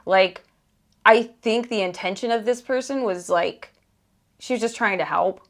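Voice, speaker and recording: At a measured pace, in a fairly bright, medium-pitched voice, this podcast host speaks frankly and conversationally on her personal show. Frequent fillers and restarts mark her earnest talk, which takes on an emphatic, exasperated edge in places.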